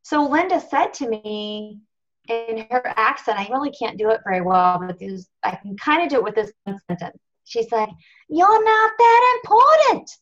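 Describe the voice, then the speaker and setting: Soft background music plays under dull audio as a woman of medium pitch speaks at normal speed. She is a national marketing director giving a motivational conference-call talk, telling her own story earnestly and confessionally and stressing points by repeating them.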